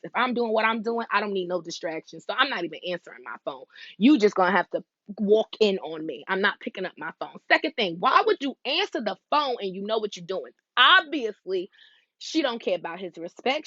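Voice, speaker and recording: A woman in her twenties hosting a podcast, telling stories in a casual, animated way, with slang and frequent asides to her listeners. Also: fairly high pitch, no echo, lo-fi sound. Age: 20s. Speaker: podcast host. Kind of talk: casual solo podcast chat.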